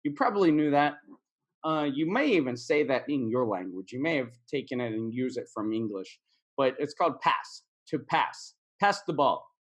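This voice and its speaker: A man's voice: medium pitch, sing-song, normal speed. A man teaching English in a casual video lesson, repeating words and phrases for practice.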